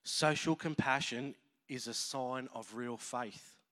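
A man preaching a sermon as a pastor, emotional and animated, acting out voices as he tells a parable. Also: mid-range voice, slow.

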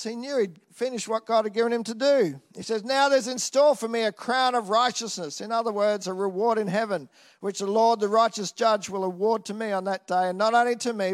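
A man preaching a sermon in an animated way, swinging from loud exclamations to quiet asides and often tossing in a "hey?". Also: extremely high pitch.

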